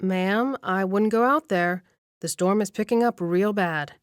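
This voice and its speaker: A woman's voice: mid-range voice, a little slow, clear, resonant tone, no room sound, studio quality, lightly acted. A woman voicing a male hotel desk clerk in an audiobook, calling out in a raised, warning tone.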